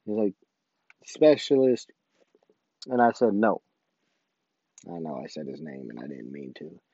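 A man's voice: extremely low pitch, a little slow, breathy edge, dry recording, lo-fi sound. A man, an army sergeant, casually telling a story about his duty station and acting out the dialogue. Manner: animated, acts out quoted dialogue.

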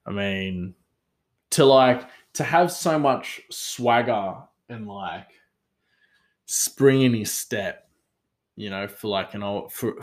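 A man's voice: lowish voice, takes it slowly. A man hosting a solo talk show, rambling casually with many fillers and restarts. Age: adult father. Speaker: podcast host.

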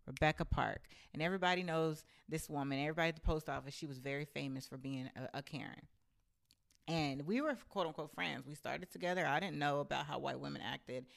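A woman telling a story from her own life in a blunt, animated and profane casual rant. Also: deep voice, creaky.

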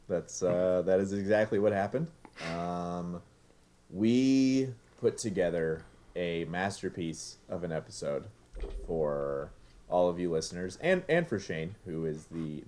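A man in his thirties co-hosting a casual podcast, joking and laughing as he talks, with halting restarts. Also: sits low, darkish tone. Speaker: podcast co-host. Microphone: remote recording setup.

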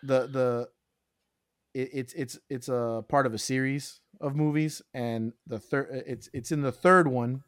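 A man's voice: mid-range voice, fairly even intonation, measured pace, dry recording, studio quality. A man in casual chat, teasing his friends with exasperated banter.

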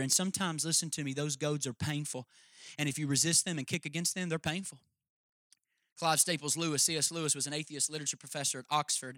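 A man's voice: a little high, fairly bright tone, dry recording. A man pastor preaching a sermon, emphatic and speaking straight to his listeners with questions.

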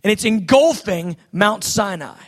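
High-voiced dramatic male preacher. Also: lively intonation, a little slow. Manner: dramatic, swings from shouting to hushed. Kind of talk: sermon.

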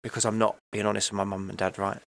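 Man, 30s. Low, gravelly voice, dry close sound. Candid and emotional, loose and rambling. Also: flat delivery, fast talker, no room sound. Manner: emotional, rambling, repeats "right?" and "you know". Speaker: podcast guest. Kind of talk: candid personal storytelling.

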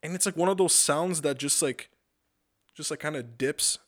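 A man's voice: a little high, normal speed. A man hosting a podcast, telling rambling, profane stories with lots of stammered restarts. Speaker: podcast host. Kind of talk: casual comedic monologue.

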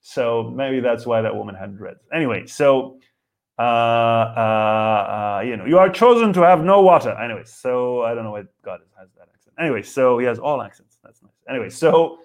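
A man's voice: mid-range voice, moderate pace. A man in his thirties from Israel, ranting as a comedy host in a rambling, profane, self-interrupting way. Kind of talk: live comedy rant.

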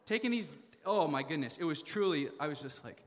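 Man, young adult, from Canada, sermon storytelling, animated with fillers, slightly high voice. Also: brisk, in a large hall, noisy background. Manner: animated, laughing, many fillers. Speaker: preacher.

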